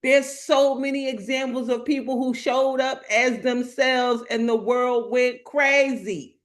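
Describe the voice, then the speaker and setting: A woman speaker preaching to an online live audience, slow and emphatic, repeating her phrases in colloquial talk and calling out to the chat. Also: high-pitched, fairly even intonation. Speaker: motivational speaker.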